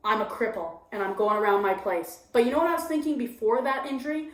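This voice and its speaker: A woman's voice: a little high, quick pace, few pauses. A woman stand-up comedian talking candidly in an interview, acting out her own inner voice as she goes. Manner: confessional, animated, acts out her own inner voice. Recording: echoey room.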